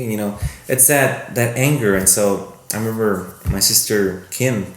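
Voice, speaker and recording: Film producer guest, male, low register, loose storyteller who acts out quotes; echoey room, faint background noise. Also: normal speed, hardly any pauses. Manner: rambling, animated, acts out quoted voices. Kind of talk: casual podcast storytelling.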